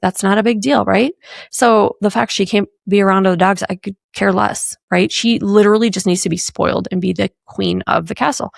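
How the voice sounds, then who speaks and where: Woman host in her forties, heavy vocal fry, dry close sound, loose rambling chat. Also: mid-range voice, no room sound. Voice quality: gravelly. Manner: chatty, rambling, lots of "like" and "right?". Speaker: podcast host. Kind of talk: casual solo podcast chat.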